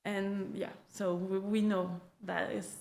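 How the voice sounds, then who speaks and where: A woman with a French accent chats on a podcast, pausing to find her words. Her voice has a gravelly edge, and it echoes in the room over a faint hum. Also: mid-range voice, level tone, darkish tone. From France. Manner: hesitant, searching for words, laughing easily. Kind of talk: casual podcast chat.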